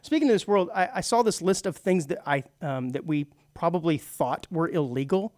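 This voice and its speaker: A man's voice: fairly high pitch, animated, normal speed, darkish tone, dry recording, clean studio sound. A man co-hosting a radio talk show in casual chat, chatty and laughing often, with frequent restarts.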